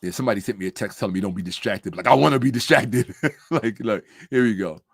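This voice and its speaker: A man's voice: fairly low pitch, fast talker, gravelly, husky, no room sound, studio quality. A man in a combative commentary monologue, sarcastic and repeating his points for emphasis, dropping to a mutter while he checks his screen.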